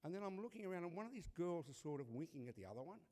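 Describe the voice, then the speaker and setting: A man introducing a keynote speaker with a humorous anecdote, telling it in an animated way. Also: on the high side, racing. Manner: animated storyteller, acts out quoted voices. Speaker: conference host introducing the speaker.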